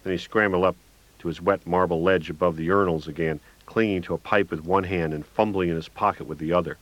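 Audiobook narrator, man, very low voice, wry and gritty, dry dull recording. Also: fairly even intonation, quick pace, no room sound.

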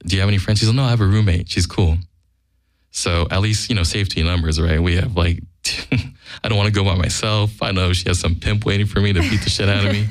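A deep-voiced guest storyteller talks fast with fairly even intonation, bluntly delivering a casual, profane anecdote and voicing the quoted lines. Dry recording, studio quality.

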